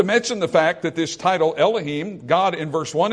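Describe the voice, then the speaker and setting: A man preaching a sermon in a slightly high-pitched voice. He leans hard into emphatic lines, then drops to a hushed near-whisper to let a point land. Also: normal speed, husky. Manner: preaching with emphatic swings between loud and hushed. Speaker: pastor.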